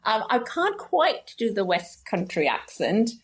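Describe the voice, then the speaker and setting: A woman's voice: mid-range voice, sing-song, a little slow. Malaysian-accented woman co-host, chatty and laughing, mid-range voice. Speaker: podcast co-host. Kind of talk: casual chat.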